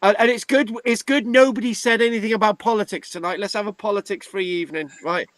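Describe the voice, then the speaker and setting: A British man with a high, light voice runs a casual online history class. He talks in a chatty, halting way, restarting his sentences over a video call, and the sound is dry and close. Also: steady tone, fairly bright tone, no room sound. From Britain. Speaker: history class tutor and host.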